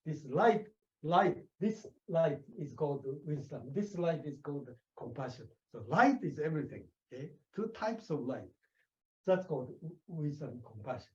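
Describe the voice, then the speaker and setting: A man's voice: a little high, very animated, moderate pace. Emphatic man lecturing, dull lo-fi sound. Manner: emphatic, repeats "okay?" and "see?" to check understanding. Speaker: Buddhist teacher. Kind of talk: lecture on a Buddhist sutra. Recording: dull lo-fi recording.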